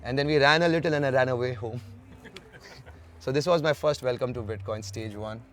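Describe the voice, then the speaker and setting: A man's voice: medium pitch, brisk. Man telling stories. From India. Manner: lively storyteller who acts out the dialogue. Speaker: guest. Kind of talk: storytelling in an interview.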